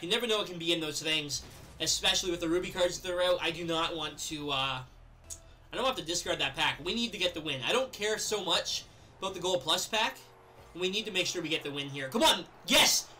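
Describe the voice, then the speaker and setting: A young man giving live commentary over his own gameplay, chatting casually and then yelling and laughing at big plays. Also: fairly high pitch, fast, a little hiss or hum. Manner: excitable, yells and laughs at plays. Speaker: gaming video creator.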